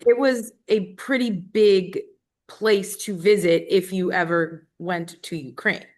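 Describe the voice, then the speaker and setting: A woman's voice: lowish voice, fairly even intonation, slow. A woman conducts an interview in a conversational tone. She reacts with short affirmations and follows up with her own questions and comments.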